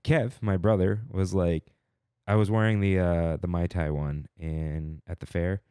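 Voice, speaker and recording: A man's voice: low-pitched, unhurried, smooth, no room sound, clean studio sound. A man co-hosting a podcast, chatting casually and rambling with plenty of fillers. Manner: relaxed, rambling, lots of fillers. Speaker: podcast co-host. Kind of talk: casual chat.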